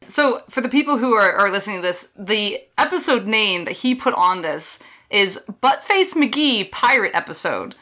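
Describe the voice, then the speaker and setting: A woman's voice: medium pitch, lively intonation, moderate pace, pushed and bright. A woman game designer, a guest on a podcast, chatting easily with lots of fillers and frequent laughs. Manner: laughing, easygoing, filler-heavy. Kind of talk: casual podcast chat.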